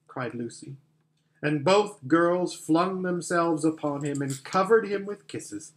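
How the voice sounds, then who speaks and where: A man narrating a children's fantasy story as an audiobook reader, with gentle storytelling. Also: fairly high pitch, takes it slowly. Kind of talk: scripted narration.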